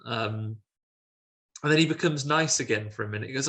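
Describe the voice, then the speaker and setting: A man's voice: mid-range voice, fairly quick, pauses often, pushed and bright. A man co-hosting a film podcast, retelling the plot in a chatty, sarcastic way. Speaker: podcast co-host. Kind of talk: casual film review chat.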